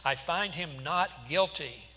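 This is an insistent Roman governor, put on by a man reading scripture aloud. His questions climb high and press hard. The voice is bright and sharp, with a long reverb trailing behind it. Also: expressive, slow, full character voice. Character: Roman governor Pilate, male, adult, exasperated and insistent.

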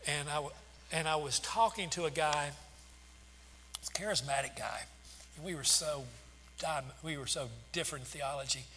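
A man's voice: on the high side, normal speed, pauses often, bright, forceful tone. A man in his sixties preaching a sermon, telling stories with frequent restarts and fillers. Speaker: pastor. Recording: long hall reverb, faint hum.

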